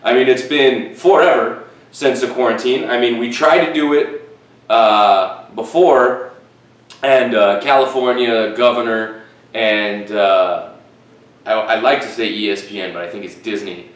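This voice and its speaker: A man's voice: mid-range voice, a little slow, very echoey, recorded from a distance, rough recording. A man hosting a casual solo podcast in his living room. He rambles, swears freely and corrects himself as he goes. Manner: profane, rambling, self-correcting. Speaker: podcast host. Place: living room with fish tank and fan. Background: fish tank, fan, dogs outside.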